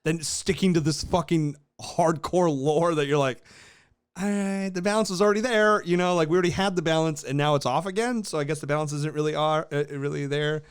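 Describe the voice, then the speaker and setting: Casting: young male podcast co-host, slightly high voice, swearing, animated rants. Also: fairly quick, clear, resonant tone. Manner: profane, animated ranting. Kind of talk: casual chat.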